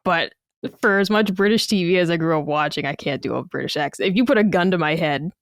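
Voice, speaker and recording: A woman's voice: lowish voice, fast talker, dry recording, studio quality. A young woman co-hosting a podcast, giggly and self-deprecating in casual chat. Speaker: podcast co-host.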